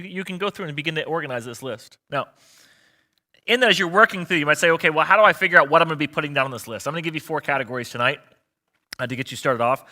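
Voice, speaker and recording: A man's voice: on the high side, pushed and bright. A male pastor giving a sermon in a conversational, earnest way, with frequent fillers and restarts. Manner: conversational, earnest preaching with fillers and repeated words.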